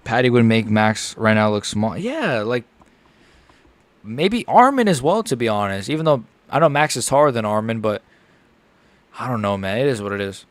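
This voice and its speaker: A man giving casual, excitable live reaction commentary as a streamer, chatty and full of slang. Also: mid-range voice, normal speed, dry recording. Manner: chatty, excitable, lots of "like" and "bro".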